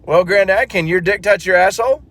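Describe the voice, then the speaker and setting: Man doing a high-voiced cheeky little boy. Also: fairly quick, fairly bright tone. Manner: crude, cursing.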